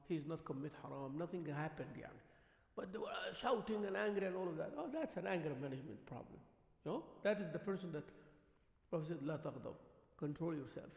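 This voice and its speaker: A man teaching a relaxed religious lesson as a sheikh, mixing Arabic words into his English, asking his listeners questions and laughing often. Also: a little high. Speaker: sheikh teaching a mosque class. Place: mosque hall. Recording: echoey hall with long reverb.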